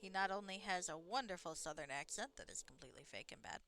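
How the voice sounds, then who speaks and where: A woman chats through a live game stream, her bright voice sitting a little low. Her pitch jumps around a lot as she rambles, and she swears casually. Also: lively intonation, fast talker. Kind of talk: casual live gameplay commentary.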